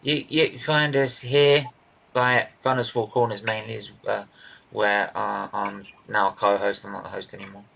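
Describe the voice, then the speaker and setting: A man's voice: on the low side, little pitch movement, normal speed, vocal fry, fairly bright tone. A man with a London accent co-hosting a football podcast, joking and teasing in casual, crude banter. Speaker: podcast co-host.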